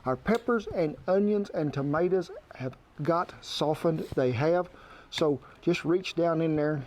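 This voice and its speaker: A man's voice: a little high, a little slow, a little mellow, slight background noise. A man hosting a cooking show, talking folksy and homespun while he demonstrates outdoors. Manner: homespun, colloquial, chatty.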